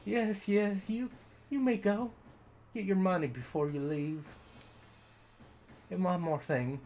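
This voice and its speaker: A man's voice: high-pitched, slow pace, darkish tone, slight background noise, voice pushed up. A man voicing a scheming, haughty male military officer in a raised, affected voice.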